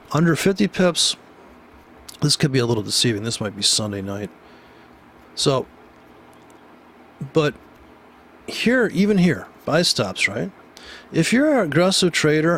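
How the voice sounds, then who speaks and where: A man's voice: medium pitch, a bit bright. A man with a mid-range voice talks through trade setups in a loose, off-the-cuff way. He is blunt, rambles between thoughts and swears without hesitation. A faint hiss of noise sits under the recording. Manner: blunt, rambling, swears freely, asks rhetorical "right?". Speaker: trading educator. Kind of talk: casual unscripted trading commentary.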